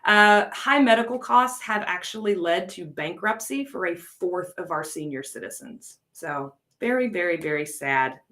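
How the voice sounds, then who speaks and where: A woman's voice: fairly low pitch, expressive, moderate pace, few pauses, a bit bright. An American woman coordinating an ESL program, teaching on a casual live stream, chatty, laughing often and answering viewers' comments.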